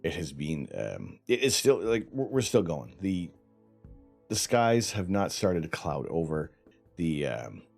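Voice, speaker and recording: Guy rambling on a live stream, low voice but bouncy, tongue gone numb, faint music behind. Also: gravelly, a little mellow, husky. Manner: rambling, chatty, sighs often. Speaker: livestream host. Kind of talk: casual live-stream chat. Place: home setup during night imaging.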